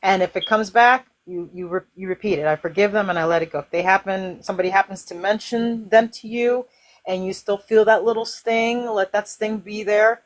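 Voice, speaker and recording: A woman hosting a casual spiritual chat, talking in an animated way and acting out inner voices. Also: medium pitch, normal speed. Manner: animated, acts out inner voices with sighs and cries. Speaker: host.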